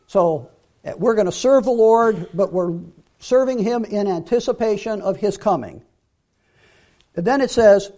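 A man giving a Bible teaching sermon, emphatic, repeating key phrases and dropping to quiet asides. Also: high voice, lively intonation, a little slow.

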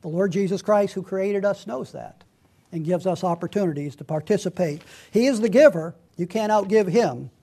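Man, middle-aged, pastor preaching, fairly high voice, reads scripture aloud, emphatic delivery. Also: moderate pace, creaky, mellow, husky. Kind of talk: sermon.

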